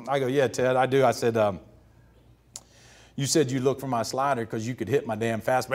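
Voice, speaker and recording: A man, telling lively stories as an interview guest and acting out the voices of others. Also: mid-range voice, quick pace, background noise. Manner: animated anecdotes, acts out quoted voices. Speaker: interview guest, retired pitcher. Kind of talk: storytelling on stage.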